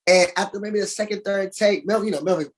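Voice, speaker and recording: A man, an actor guest in a casual interview, telling lively stories, acting out quotes and laughing often. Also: high-pitched, quick pace. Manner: animated storyteller, acts out quotes, laughs often.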